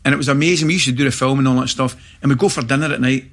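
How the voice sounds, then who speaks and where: A middle-aged Scottish man, a former footballer, telling lively anecdotes in casual chat, often checking in with "right?". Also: medium pitch. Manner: animated anecdotes, quick asides like "right?". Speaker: former footballer and pundit guest.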